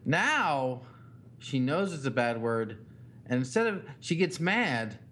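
A man in his thirties co-hosting a casual comedy podcast, telling profane stories about his daughter in an animated way. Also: mid-range voice, slow, a little hiss or hum. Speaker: podcast co-host.

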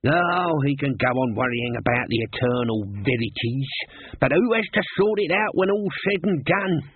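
A cantankerous old male servant who grumbles and mutters to himself, put on by a man reading a storybook. His voice has a husky grain. The recording is dry and narrow, like a phone line. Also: medium pitch, lively intonation, moderate pace, no room sound. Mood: grumbling. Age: older. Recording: muffled, phone-like narrow sound.

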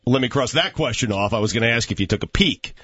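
A man's voice: medium pitch, expressive, fast talker, a bit bright, breathy edge, dry recording. A man co-hosting a radio show, teasing and laughing often in casual comedic banter. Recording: muffled lo-fi radio studio audio.

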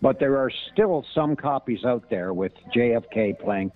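An older man, an impressionist, telling showbiz anecdotes in a halting, storytelling way over a tinny line. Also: medium pitch, animated, soft background music. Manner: anecdotal, halting with many restarts. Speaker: impressionist guest. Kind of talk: casual interview storytelling. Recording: tinny phone-like line, dry.

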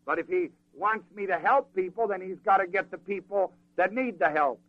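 A man preaching a sermon in a folksy, animated way, acting out the people in the scripture. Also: high-pitched, normal speed, dry recording, highs cut off.

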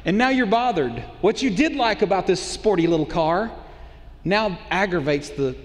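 A man's voice: sits high, expressive, moderate pace, soft background music. A middle-aged male pastor preaching a sermon in a conversational way, often putting rhetorical questions to the congregation. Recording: long hall reverb.

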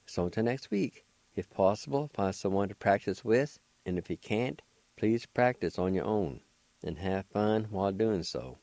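An older man giving a slow, patient pronunciation lesson on the radio, spelling words letter by letter and repeating each syllable. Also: on the low side, lively intonation, darkish tone, no echo. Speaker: language teacher and radio host.

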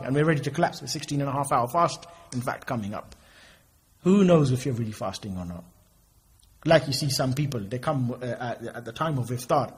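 A man delivers an informal sermon at a quick clip. His voice is husky and sits a little high. He slips into the voices of the people in his stories as he goes. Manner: animated storytelling, mimics people in quoted exchanges. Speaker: preacher. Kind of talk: informal sermon with acted-out dialogues.

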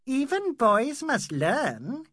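A man voicing a spiteful male troublemaker who speaks in a slow, pointed, needling way. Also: extremely high pitch, wildly swooping pitch, fairly bright tone, dry recording, clean studio sound, voice pushed up, heavily acted.

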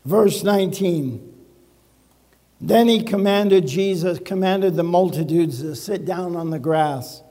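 Older man, pastor, slow deliberate sermon, high voice, joking storyteller, long church reverb. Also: mellow. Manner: storytelling with humor and dramatic pauses.

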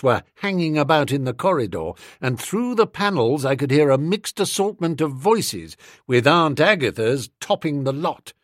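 A man's voice: on the high side, no echo, clean studio sound. A man reading a comic first-person story aloud as an audiobook narrator. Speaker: audiobook reader.

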